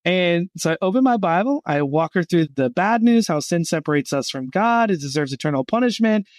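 A middle-aged man with a high voice talks briskly as a guest on a podcast, representing a Christian gap year college. He tells stories with lively energy and performs the voices of the people he quotes. The recording is clean studio sound with no echo.

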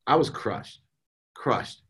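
A middle-aged man, a podcast guest, telling a personal story in a candid, animated way with casual slang. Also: slow pace.

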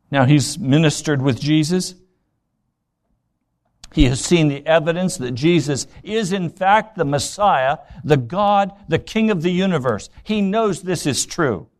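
With a fairly high voice, a preaching pastor dramatizes scripture by acting out its dialogue, then turns to challenge his congregation with sharp rhetorical questions.

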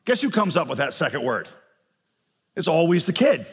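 Earnest pastor preaching in a reverberant hall. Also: male voice, on the high side, very animated, moderate pace, husky. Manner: earnest preaching, rising passion on key phrases. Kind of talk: sermon. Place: church sanctuary.

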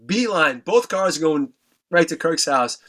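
Man, raised pitch, casual guest storyteller, profane and animated. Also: a little slow. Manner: animated storyteller, stumbling restarts, acts out voices. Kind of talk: casual anecdote, heavy swearing.

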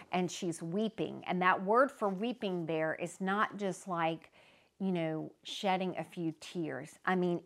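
A woman hosting a faith-based talk, speaking in an earnest, conversational and reflective way. She sometimes pauses to search for the right word. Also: fairly low pitch, a bit bright. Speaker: podcast host.

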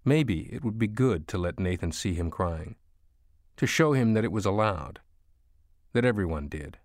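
A man reading an audiobook as narrator, slow and hushed storytelling. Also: lowish voice, animated, no room sound, clean studio sound. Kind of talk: scripted narration.

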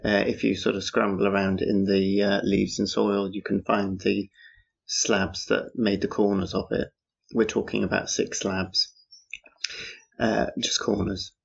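A man rambles along in a casual monologue, dropping dry, sarcastic asides. His low voice is heavily gravelly and full of fry. The recording is muffled and lo-fi. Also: flat delivery, unhurried. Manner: wry, dryly sarcastic asides. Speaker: podcaster. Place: outdoors on a street at night.

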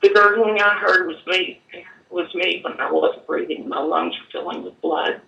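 A woman giving an earnest personal testimony, halting and at times choked up, in an echoey room away from the mic. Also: on the low side, fairly even intonation, gravelly, sharp tone, recorded from a distance, dull audio. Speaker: guest telling her story.

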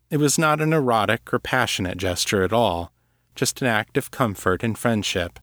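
A man narrating a serialized fantasy story in a steady, measured way. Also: fairly low pitch, no room sound, clean studio sound. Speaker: narrator and author. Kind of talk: scripted audiobook narration.

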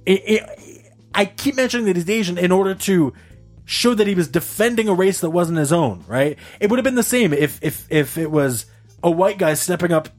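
Podcast dude telling a story, voice jumps all over, bit high, faint music. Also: male voice, normal speed. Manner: animated, swearing, laughs often. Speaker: podcast co-host. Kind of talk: casual storytelling chat.

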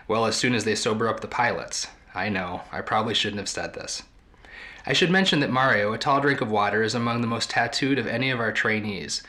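Man reading a story in a bright, lowish voice. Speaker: podcast host. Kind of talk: reading aloud from a book.

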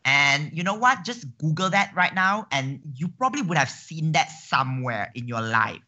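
A woman guest in a casual chat, animated and quick to exclaim and laugh. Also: sits low, lo-fi sound.

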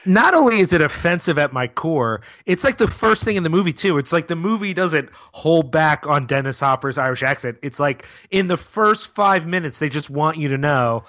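A man's voice: a little high, expressive, normal speed, hardly any pauses, a bit bright. A man guesting on a film podcast, chatting loosely and profanely with plenty of fillers. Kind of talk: casual film-review chat.

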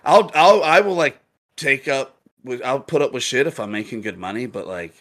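Young adult man, gaming streamer; casual, profane storyteller with a very lively, swinging pitch. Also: moderate pace. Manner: animated, profane, laughing storyteller.

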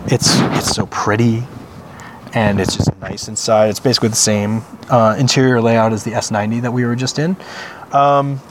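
A man talks through a casual, chatty walking tour of an auto show as a podcast co-host. His voice sits at a middle pitch, and he sounds eager and easygoing. A faint hum of background noise runs under the recording. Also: fairly even intonation, normal speed. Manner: chatty, enthusiastic about the cars.

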